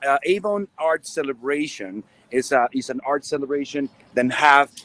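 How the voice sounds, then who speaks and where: A man roving an outdoor farmers market for a live show, talking excitedly as he walks. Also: mid-range voice, moderate pace. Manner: excited, talks while walking. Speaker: roving reporter. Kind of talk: live on-location chat.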